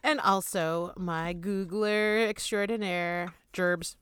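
A woman's voice: lowish voice, fairly even intonation, takes it slowly, fairly bright tone, clean tone, no room sound. Chatty woman podcast host, dry mic. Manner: chatty, laughing, imitates crow calls. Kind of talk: casual chat.

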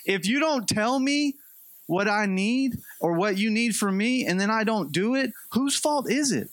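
Brief: a high-pitched male preacher, chatty and humorous, dry recording. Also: unhurried, no echo. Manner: conversational, animated storytelling with light humor. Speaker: pastor. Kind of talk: sermon.

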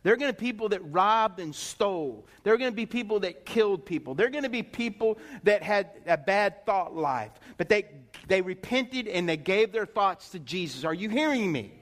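High-voiced pastor preaching in a reverberant sanctuary. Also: male voice, animated, moderate pace, hardly any pauses, a bit bright. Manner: emphatic, rhetorical questions to the congregation. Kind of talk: sermon. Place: church sanctuary. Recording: long reverb in a church hall.

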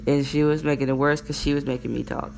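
A woman's voice: very deep voice, flat delivery, quick pace, vocal fry, a little mellow, slight background noise. Slangy, profane young woman telling stories. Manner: rambling, profane and slangy, acting out quotes. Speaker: podcast host. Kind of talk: casual storytelling podcast.

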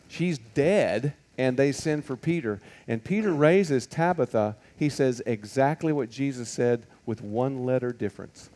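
A man's voice: medium pitch, warm tone. A man teaching a Bible lesson to a group in a conversational way, asking many rhetorical questions and stopping on fillers.

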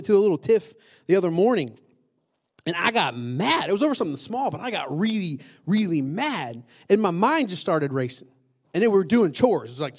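High-voiced pastor preaching conversationally. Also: male voice. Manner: conversational, asks the room questions, emphatic repeats. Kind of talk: sermon.

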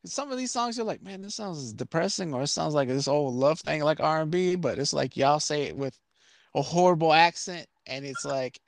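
Higher-voiced joking male podcast host. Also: expressive, moderate pace, creaky, no room sound. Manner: joking, profane, rambling rants. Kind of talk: casual chat.

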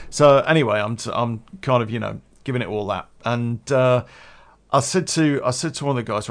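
A man's voice: medium pitch, a little fast. A man telling a story from his past in a casual, rambling way, with restarts and swearing.

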